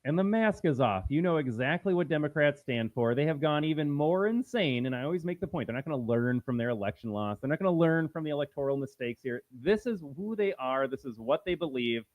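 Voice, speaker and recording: A man's voice: a little high, expressive, brisk, few pauses, no room sound, highs cut off. A man co-hosting a casual political podcast from a shed, talking in a wry, declarative way. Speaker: podcast co-host.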